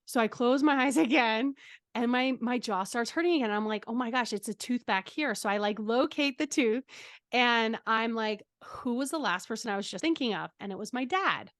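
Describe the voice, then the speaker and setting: Woman guest telling her story, chatty and animated, lots of ums and laughs, a bit high, dry close sound. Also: normal speed, no echo. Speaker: guest, transformational coach. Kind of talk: personal storytelling in an interview.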